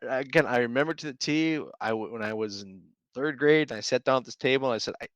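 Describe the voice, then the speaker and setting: A man co-hosting a casual podcast about parenting, telling animated stories and acting out his kids' lines. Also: medium pitch, fast talker, no echo, lo-fi sound. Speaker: podcast co-host. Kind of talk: casual chat.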